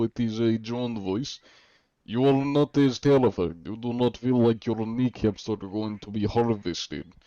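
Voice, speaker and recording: An American man doing a big sweaty Russian man, all broken-English bravado. The put-on Russian accent sits in the back of the throat, pitched above his own voice. The stream audio is dull and lo-fi. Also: dark tone, dry recording, natural voice.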